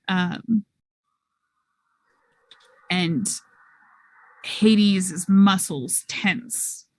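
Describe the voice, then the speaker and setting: Slow, deliberate woman storyteller. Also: medium pitch, no echo. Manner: slow, deliberate scene-setting. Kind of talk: narrating a tabletop game.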